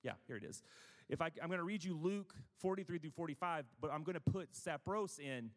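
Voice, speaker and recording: A man's voice: fairly high pitch, expressive, brisk, long reverb tail. A man preaching a conversational sermon, chatty and self-deprecating, with frequent asides.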